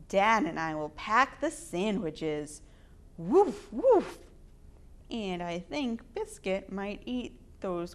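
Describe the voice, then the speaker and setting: A woman hosting storytime, reading picture books aloud to children in an expressive, sing-song way. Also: mid-range voice. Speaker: storytime reader.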